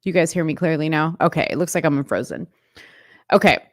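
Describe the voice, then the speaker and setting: Woman livestream host, lowish voice, dry close sound, casual, reads news then riffs with chat. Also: fairly quick, no echo. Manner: chatty, many fillers, talks straight to viewers. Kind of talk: reading news aloud and commenting to live chat.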